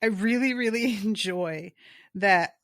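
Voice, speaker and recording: A woman's voice: mid-range voice, no room sound, studio quality. A woman co-hosting a book podcast, chatting casually and laughing at herself. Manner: chatty, self-deprecating, quick laughs. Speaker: podcast co-host.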